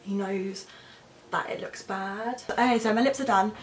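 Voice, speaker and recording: A woman's voice: medium pitch, moderate pace, reverberant, recorded from a distance, poor audio. A young woman chatting casually through her makeup routine for a vlog, rambling and correcting herself as she goes. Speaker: beauty vlogger.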